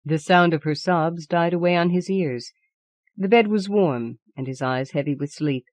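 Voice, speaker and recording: Low-voiced woman reading a grave tale. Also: moderate pace, darkish tone, no room sound. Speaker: audiobook narrator. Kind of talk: scripted narration of a horror tale.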